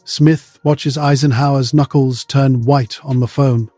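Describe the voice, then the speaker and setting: A man's voice: medium pitch, unhurried, a little mellow, no room sound, faint music behind. A man narrating a dramatic history story in the present tense.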